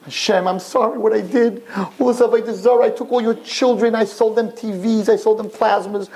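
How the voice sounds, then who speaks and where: A man's voice: high voice, steady tone, a little fast, dark tone, voice pushed up. A man voicing a wicked, desperate king who screams for rescue while being boiled. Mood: pleading. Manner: frantic screaming pleas.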